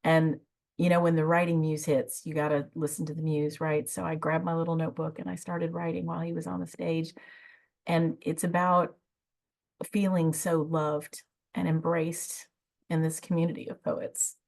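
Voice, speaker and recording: A woman's voice: sits low, little pitch movement, moderate pace, gravelly. A woman hosting a poetry gathering, speaking earnestly, then reading her own poem. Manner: earnest, heartfelt, with soft hesitations. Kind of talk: warm spoken introduction and poetry reading.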